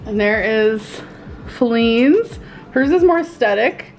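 A woman in her thirties chatting casually to her viewers at home, unhurried and full of "um" and "like". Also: a little high, lively intonation, faint music behind. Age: 30s. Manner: unhurried, chatty, many fillers like "um" and "like". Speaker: vlogger. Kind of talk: casual vlog chat.

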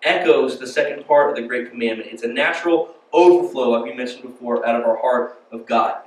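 Speaking from off-mic in an echoing church sanctuary, this American pastor gives a relaxed, storytelling sermon and quizzes the congregation. His voice leans high and sits far from the microphone.

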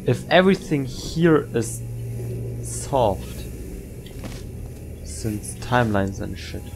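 A tired man talks through a puzzle game late at night, in a slow, unhurried drawl with a gravelly, fry-edged voice. He mutters and rambles to himself, and faint game music plays behind him. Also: medium pitch, expressive. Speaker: gamer playing a puzzle game. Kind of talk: late-night gameplay commentary.

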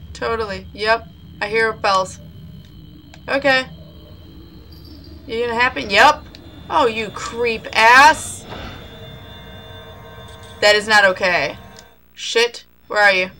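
A woman's voice: fairly high pitch, pushed and bright, slight background noise, poor audio. A woman casually commentating a horror game, jumpy and swearing, shrieking at scares and talking to the ghosts on screen. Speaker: gaming channel host. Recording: music playing over the voice.

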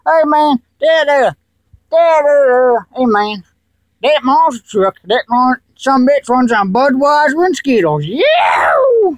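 A rowdy, crude hillbilly who dips tobacco, as a man puts him on, talking in a slow, high-pitched full of rambling fillers. The sound is close and dry. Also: no echo. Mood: rowdy boasting. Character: loud crude male hillbilly tobacco dipper. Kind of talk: comedy character vlog.

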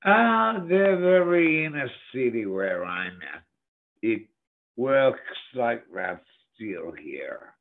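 A man's voice: mid-range voice, big pitch swings, slow pace, vocal fry. An older man, a guest musician, telling rambling stories with a lot of swearing over a tinny, phone-like connection. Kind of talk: casual interview chat. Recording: tinny phone-like remote audio.

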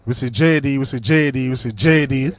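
A man's voice: mid-range voice, brisk. Chatty Jamaican man hosting a sound clash. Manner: chatty, laughs often, repeats phrases. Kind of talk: casual live radio hosting.

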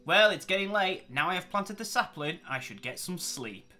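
Excitable gamer, bright voice. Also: male voice, a little high, a little fast, hardly any pauses. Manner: excitable, exclamatory. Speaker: gameplay channel host. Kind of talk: let's play commentary.

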